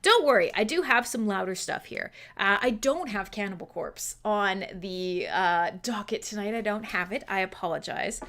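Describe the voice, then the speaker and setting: A woman's voice: medium pitch, animated, normal speed, few pauses, a bit bright. A woman hosting a casual livestream radio show, chatty and scattered, giggling a lot and swearing freely. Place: home streaming setup.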